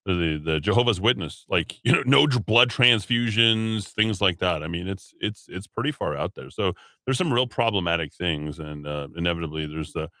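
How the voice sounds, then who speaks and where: A man's voice: low voice, expressive, normal speed, sharp tone, dry recording. A man hosting a talk radio show in a studio, rambling casually with many fillers and restarts.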